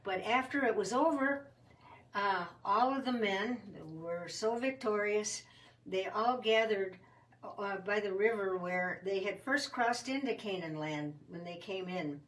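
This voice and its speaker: A woman casually telling a Bible story in a homey, rambling way, with fillers and quick self-corrections. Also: mid-range voice, distant mic, rough recording.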